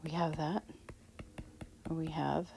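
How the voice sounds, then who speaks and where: A woman teaching a math lesson, talking softly and half-whispered with a breathy voice while she writes. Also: low voice, steady tone, takes it slowly, a little hiss or hum, rough recording. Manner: soft, half-whispered explaining while writing. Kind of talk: recorded math lecture.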